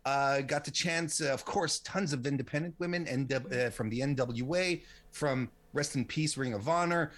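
A man's voice: medium pitch, moderate pace, hardly any pauses, fairly bright tone. Late-40s guy rambling thru interview answers, lots of uhs and restarts. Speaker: interview guest, women's wrestling site runner.

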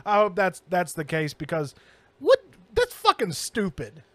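A young man co-hosting a podcast, ranting loudly and profanely in casual comedic chat. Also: sits high, huge pitch swings, a little slow, dry recording. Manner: loud, profane, mock-outraged ranting. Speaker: podcast co-host.

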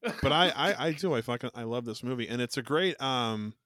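A man chats on a horror podcast, rambling through restarts and tossing in swear words. His voice sits at an ordinary middle pitch. The sound is dry and close. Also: animated, a little fast, a bit bright, dry recording. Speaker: podcast co-host. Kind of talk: casual chat.

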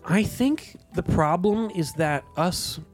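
An American man co-hosting a podcast, chatting casually about movies with rambling, deadpan jokes. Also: sits high, takes it slowly, soft background music. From United States. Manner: joking, rambling, deadpan asides. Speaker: podcast co-host.

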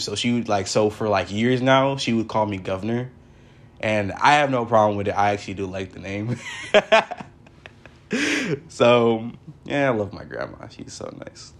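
Young guy rambling on his own podcast, lots of "like" and "for real", relaxed solo chat. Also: medium pitch. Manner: rambling, many fillers like "like" and "for real". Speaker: podcast host. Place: his brother's house.

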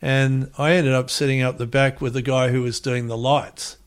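A man's voice: mid-range voice, flat delivery, moderate pace. A middle-aged man with an Australian accent, telling a rambling anecdote as an interview guest and acting out the quotes.

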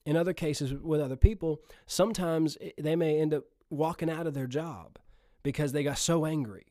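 A man's voice: fairly high pitch, moderate pace, warm tone, dry recording, studio quality. A man preaching a sermon in an earnest, conversational way, often chuckling as he speaks.

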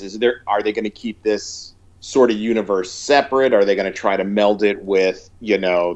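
A man chatting casually about a movie, rambling with lots of fillers and restarts. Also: on the low side. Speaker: podcast co-host. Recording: dull lo-fi sound.

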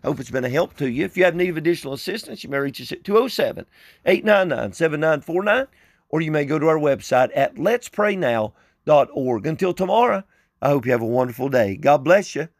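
A man preaching a sermon with fervor, hosting a short prayer program and rising in pitch when he presses a point. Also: expressive, quick pace, no echo.

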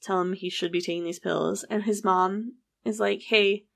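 A woman's voice: mid-range voice, steady tone, normal speed, gravelly. A woman casually recounting a true-crime story as a podcast host, chatty and full of "like". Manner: chatty, recounts events with frequent "like" and quoted dialogue.

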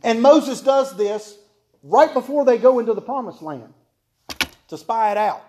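A man's voice: very high-pitched, animated, unhurried, warm tone. A man preaching a folksy sermon to a congregation, joking and repeating key phrases for emphasis.

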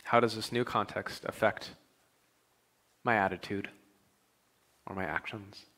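A male pastor preaching a sermon, stacking repeated phrases with rising emphasis and then dropping into quiet, conversational asides. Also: fairly low pitch, steady tone, unhurried.

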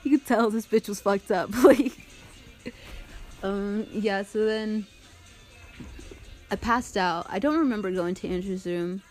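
A woman's voice: mid-range voice, measured pace, long pauses, a little mellow, faint music behind. A young woman telling a story in casual chat, laughing often and using lots of filler words and swearing.

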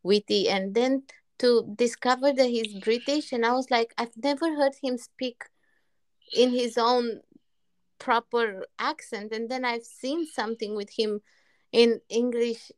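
A woman in casual conversation as a co-host, her voice sitting somewhat high. She agrees readily and hesitates on fillers as she looks for words. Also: steady tone, unhurried. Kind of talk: casual chat.

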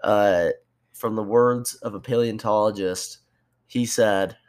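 A man's voice: on the low side, steady tone, a little slow. A young man co-hosting a casual podcast, blunt and dismissive, often giving short replies. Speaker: podcast co-host. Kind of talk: casual chat.

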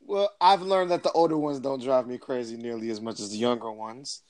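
A man's voice: medium pitch, steady tone, brisk, darkish tone. A man in his thirties hosting a podcast in casual chat, rambling and hesitant, with lots of fillers. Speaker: podcast host.

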